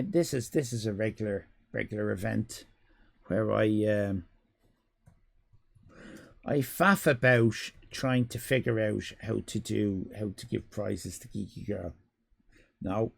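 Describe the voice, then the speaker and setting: A man's voice: fairly low pitch, creaky, a bit bright. A man hosting a live stream, rambling in casual commentary with mock-serious absurd humor. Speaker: livestream host.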